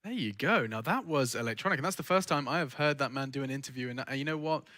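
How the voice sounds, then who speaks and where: Quick, bright-voiced esports desk host. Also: male voice, mid-range voice, expressive, no room sound. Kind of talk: studio analysis chat.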